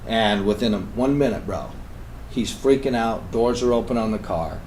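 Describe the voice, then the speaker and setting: A man on a talk show, telling a story with energy. He swings between loud, emphatic bursts and hushed, intense passages. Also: lowish voice, moderate pace, slight background noise, rough recording. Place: radio studio.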